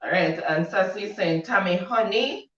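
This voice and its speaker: Sitting high with a sharp tone and a slightly slow pace, this co-host's voice carries through a relaxed live show as he reads the chat. He laughs a lot and gives the comments a Caribbean lilt. The sound is distant, echoing, and muffled.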